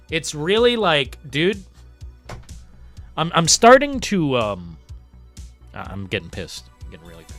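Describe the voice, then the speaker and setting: A frustrated man vents on his live stream, cursing freely and lurching between low grumbles and sudden shouts. His voice sits at an ordinary pitch with a bright, forceful edge. Soft background music plays faintly under him. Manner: frustrated, profane, swings from muttering to shouting; reads chat messages aloud. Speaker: livestream host. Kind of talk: ranting live chat.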